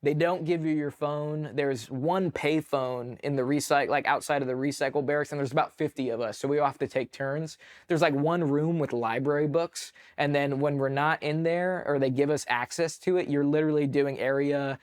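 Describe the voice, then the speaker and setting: Animated, profane male veteran storyteller. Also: a little high, moderate pace. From California, USA. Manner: animated, filler-heavy, profane. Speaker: guest, army veteran. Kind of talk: casual storytelling.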